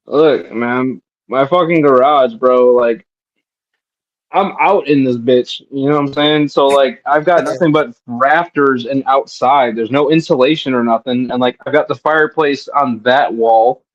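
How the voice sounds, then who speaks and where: A man's voice: medium pitch, highs cut off. A man hosting a podcast, talking in casual, profane slang. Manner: profane, slangy, drawn-out telling. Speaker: podcast host. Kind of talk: casual chat.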